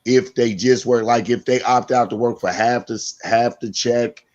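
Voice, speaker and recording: A man with a mid-pitched voice holds forth in casual discussion, earnest and a bit speechifying. The recording sounds slightly dull and lo-fi. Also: steady tone, normal speed, a little mellow.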